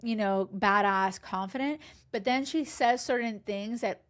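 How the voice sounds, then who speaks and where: A woman dating coach recapping a reality show in casual chat, emphatic and animated, swearing freely and acting out quotes. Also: medium pitch, unhurried. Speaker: love and dating coach, podcast host.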